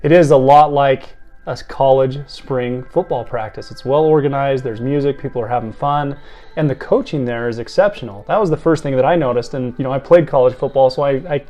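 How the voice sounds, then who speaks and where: A male host with a warm, mellow voice leads a relaxed interview. He is friendly and affirming toward his guest, and faint music sits underneath. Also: mid-range voice, brisk. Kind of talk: casual interview.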